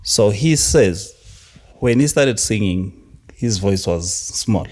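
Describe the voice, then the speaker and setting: A relaxed man co-hosts a podcast. His voice sits fairly low, and he tells a story in an easy, affirming way. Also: takes it slowly. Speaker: podcast co-host. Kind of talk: casual conversation.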